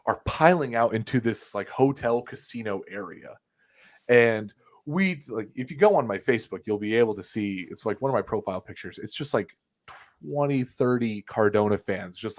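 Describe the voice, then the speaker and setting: Animated, profane young man telling a story. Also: on the low side. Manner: animated, profane, acts out quotes loudly. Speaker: podcast co-host. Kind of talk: casual chat, storytelling.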